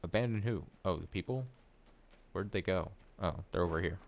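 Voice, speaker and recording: A young man streaming a video game, chatting and wondering aloud as he plays. His voice is quite low, and faint game music sits underneath. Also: moderate pace, gravelly. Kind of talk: casual gameplay commentary, reading text aloud.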